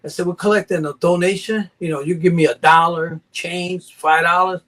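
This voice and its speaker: Older guy from mexico, kinda high voice, goofing around telling show stories. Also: steady tone, moderate pace, a bit bright. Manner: joking storyteller, acts out sales banter. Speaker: guest reptile breeder. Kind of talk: casual live chat.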